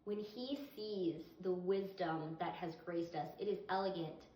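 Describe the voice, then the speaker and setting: A woman's voice: on the low side, a little slow, mellow, slight background noise. A woman reading Bible verses aloud and explaining them in an earnest, conversational teaching style. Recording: echoey, distant, slightly muffled.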